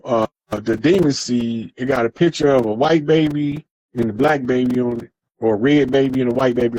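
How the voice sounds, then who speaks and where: A man's voice: mid-range voice, a little mellow, no room sound, poor audio. A man speaking as an interview guest in a loose, emphatic storytelling style, swearing freely and acting out the voices of people he quotes. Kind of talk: casual storytelling monologue.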